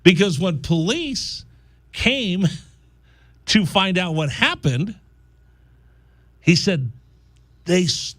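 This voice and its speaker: This is a male college radio host spinning a comic story in casual banter. His voice sits high and swings widely as he plays up the punchlines. The studio sound is close and dry. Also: slow pace, long pauses, no room sound. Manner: animated, jokey storyteller who slips into mock voices.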